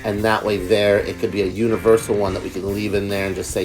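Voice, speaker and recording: A man's voice: sits low, level tone, fast talker, creaky, few pauses. Eager, rambling man talking business. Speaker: host. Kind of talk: casual planning chat. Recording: talk over music. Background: music.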